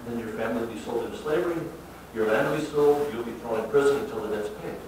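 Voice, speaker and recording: A preacher voicing a stern king calling in a debt, curt and rapid in his delivery. The voice is captured from a distance in a very echoey hall, with faint background noise. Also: mid-range voice, a little mellow, close to an everyday voice. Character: stern demanding king collecting debts.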